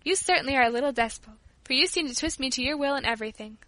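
A woman's voice: high-pitched, racing, fairly bright tone, dry recording. A woman voicing an indulgent middle-aged father who teases with mock sternness in a storybook reading. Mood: teasing.

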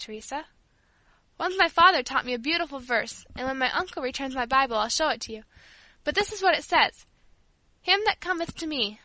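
A woman's voice: sits high, pushed and bright, no room sound, pitched above the performer's own voice, poor audio. A woman voicing an earnest pious little girl. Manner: sincere, pleading.

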